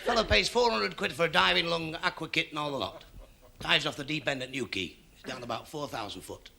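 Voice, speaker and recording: Gravelly comic man telling gags. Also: a little high, lively intonation, fairly quick, crowd noise. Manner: short punchy one-liner jokes with quoted voices. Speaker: stand-up comedian. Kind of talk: stand-up joke telling.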